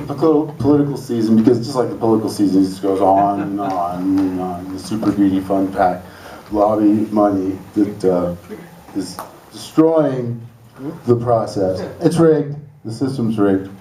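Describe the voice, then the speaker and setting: A man doing rambling, laid-back stand-up at an open stage night. His mid-pitched voice echoes around a roomy hall, picked up from a distance, with a steady murmur of ambience behind him. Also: normal speed, a little hiss or hum. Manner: rambling, laid-back, loose jokey delivery. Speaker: stand-up comedian. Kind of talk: stand-up comedy. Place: school hall open stage before a laughing crowd. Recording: roomy hall, mic set far off. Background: audience laughter.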